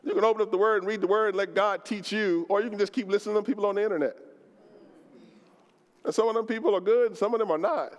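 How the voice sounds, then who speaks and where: A pastor with a high-pitched voice preaches passionately to his congregation, climbing to near-shouts and dropping to low, slow asides. He talks plainly and colloquially, acting out prayers as if speaking to God. His voice rings with the long reverb of a church hall. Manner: colloquial, acts out prayers in first person. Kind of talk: sermon. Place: church sanctuary.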